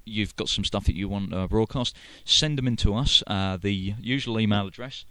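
A man's voice: fairly low pitch, moderate pace, fairly bright tone, no echo. A man with a London accent hosting a live internet radio show, rambling through announcements with many fillers and restarts. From London, England. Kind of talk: casual live radio chat.

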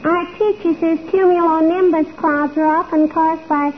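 A woman's voice: very high voice, fairly even intonation, moderate pace. A woman voicing an eager, precocious little girl who asks question after question, in a 1940s radio comedy. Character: curious chatty little girl, full of questions. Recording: tinny old radio broadcast with faint hiss.

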